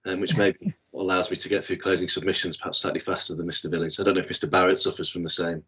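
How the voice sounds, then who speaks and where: Deep-voiced northern English barrister. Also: male voice, flat delivery, fast, sharp tone, breathy edge, poor audio. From northern England. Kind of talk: formal hearing remarks. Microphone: video call.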